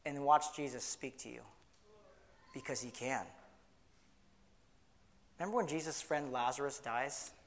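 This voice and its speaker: A man preaching in church, earnest, often restarting, slowing down to stress key words. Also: medium pitch, slight background noise. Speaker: pastor. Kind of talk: sermon.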